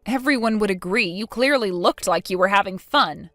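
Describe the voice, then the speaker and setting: A woman's voice: medium pitch, normal speed, fairly bright tone, no room sound, clean studio sound, faint music behind. A woman reading a texting story as the daughter-in-law, with a cold, accusing and sarcastic manner. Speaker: narrator voicing the daughter-in-law.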